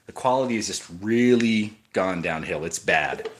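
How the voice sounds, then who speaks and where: A man with a low, expressive voice hosts a casual livestream at a moderate pace, with a little hiss or hum in the audio. He rambles, answers viewer comments, and keeps restarting sentences and wandering into asides.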